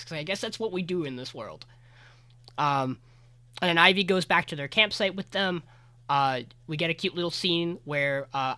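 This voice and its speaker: Bright-voiced man recapping anime. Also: a little high. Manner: rambling, filler-heavy, swears casually. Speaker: podcast co-host. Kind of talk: casual anime episode recap.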